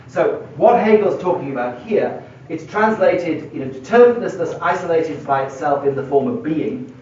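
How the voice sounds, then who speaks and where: A man's voice: fairly high pitch, lively intonation, normal speed, darkish tone, slight background noise. Middle-aged man, philosophy lecturer, emphatic and thinking aloud, distant mic, dull lo-fi sound. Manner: thinks aloud, stressing words, writing on a board. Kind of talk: university lecture. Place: lecture room. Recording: echoey lecture hall, mic far away, dull and lo-fi.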